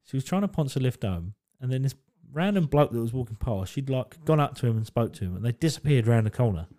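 A man's voice: mid-range voice, fast talker. A young man co-hosting a podcast, telling anecdotes in casual chat with plenty of laughter and swearing. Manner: laughing, swearing, animated storytelling. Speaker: podcast co-host.

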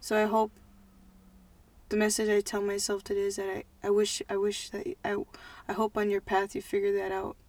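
A woman in her twenties co-hosting a podcast, chatting casually and thinking out loud with many fillers. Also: medium pitch, completely flat delivery, brisk, no room sound. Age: 20s. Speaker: podcast co-host.

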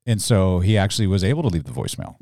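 Man from Alabama, podcast co-host, rambling jokey chat, somewhat low voice. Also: big pitch swings, very fast, warm tone, no room sound, clean studio sound. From Mobile, Alabama. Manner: rambling, jokey, many fillers and restarts. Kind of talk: casual chat.

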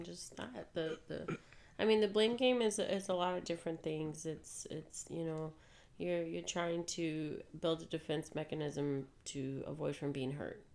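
A woman with a notably low voice weighs in on a relationship talk with her husband. She speaks emphatically, with exasperation. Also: creaky, darkish tone. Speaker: co-host, the man's wife.

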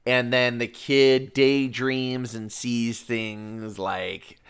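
A man's voice: medium pitch, little pitch movement, very slow, a bit bright, clean tone. A man co-hosting a podcast in casual chat, laughing often and swearing freely. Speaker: podcast co-host.

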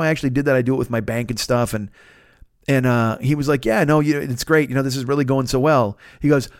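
A man hosting a podcast, telling a long story in a profane, rambling, animated way. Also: medium pitch, dry recording, clean studio sound. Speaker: podcast host. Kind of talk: casual storytelling monologue.

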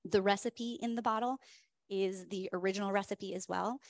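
Host: enthusiastic woman, chatty, lots of ums, mid pitch, dry sound. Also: steady tone, normal speed, dry recording. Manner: chatty, many "um" fillers, enthusiastic. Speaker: whiskey tasting host. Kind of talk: casual storytelling presentation.

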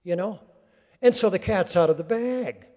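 Fervent high-voiced preacher in a reverberant hall. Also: male voice, normal speed, mellow. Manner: fervent, calls out to the congregation. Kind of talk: sermon.

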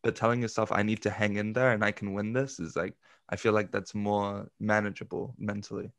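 A man's voice: on the low side, flat delivery, brisk, a bit bright. A man hosting a podcast, chatting in a loose, laid-back way with lots of "like". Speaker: podcast host. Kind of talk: casual podcast chat.

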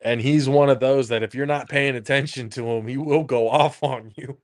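A man's voice: mid-range voice, steady tone, moderate pace. A man co-hosting a podcast, chatting casually about football in an emphatic, profane way and laughing often. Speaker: podcast co-host. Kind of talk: casual sports chat.

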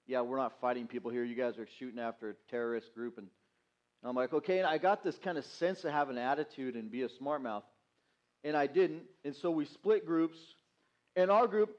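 Preaching as youth pastor in a church sanctuary, a man tells a story at his own expense, performing the quoted lines. His voice is a little high and a little mellow, captured with lo-fi sound.

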